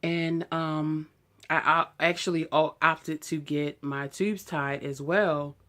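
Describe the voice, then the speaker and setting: A woman in her thirties talks straight to her viewers, candid and animated. Her voice sits low and full. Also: takes it slowly. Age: 30s. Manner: candid, animated retelling, heated when quoting herself. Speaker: beauty vlogger. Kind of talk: casual storytelling to camera.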